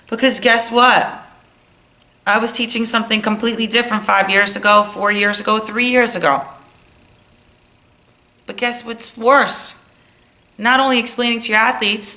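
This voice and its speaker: A woman softball hitting coach lectures other coaches, blunt and animated, scolding with humor. Her voice is bright and forceful with a gravelly rasp. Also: medium pitch. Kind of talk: motivational coaching talk.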